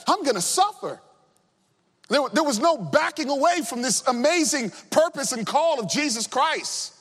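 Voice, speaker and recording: Impassioned preacher with swooping high voice. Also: male voice, a bit bright, long reverb tail. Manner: impassioned preaching with swooping pitch, drops low for emphasis. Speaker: pastor. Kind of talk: sermon.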